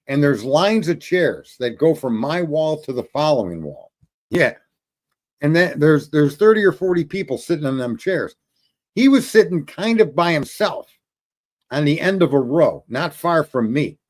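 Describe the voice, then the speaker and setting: A middle-aged man telling a story in a casual monologue, his voice sitting a little high. His pitch swings widely as he goes, and he swears freely and laughs often. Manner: profane, animated, laughing often. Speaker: host.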